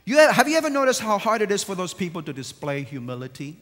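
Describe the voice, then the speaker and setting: Male pastor with a high voice, preaching from a reverberant sanctuary, moving from quiet to forceful. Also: sing-song, fast talker. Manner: preaching with sweeping swings from hushed to emphatic. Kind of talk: sermon. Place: large church sanctuary. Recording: long church reverb.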